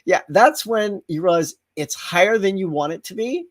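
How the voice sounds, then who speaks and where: A middle-aged man hosting a casual livestream chat, telling stories with lots of laughter and acted-out yells. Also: high voice, expressive, moderate pace. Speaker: host.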